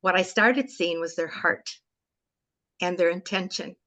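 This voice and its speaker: A woman's voice: fairly low pitch, a little slow, fairly bright tone. A woman hosting an online group talk over a video call, telling a personal story in a heartfelt, emotional way. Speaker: webinar host.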